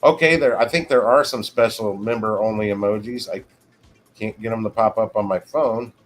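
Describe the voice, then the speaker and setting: Low-voiced man rambling on a livestream. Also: faint music behind. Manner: rambling, halting, frequent restarts. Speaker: livestream host. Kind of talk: casual livestream chat.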